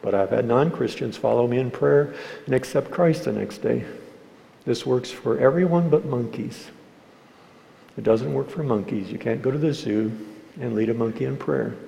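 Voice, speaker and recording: A male pastor preaches in a church, his dark, mellow voice carrying some gravel. He acts out sharp, scolding voices, then drops into quiet, tender speech, with a long reverb trailing each phrase. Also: mid-range voice. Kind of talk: sermon. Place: church sanctuary.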